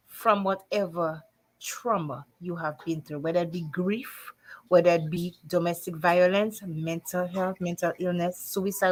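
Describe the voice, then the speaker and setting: A woman hosting a casual online chat show, lively and chatty, laughing often. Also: fairly low pitch.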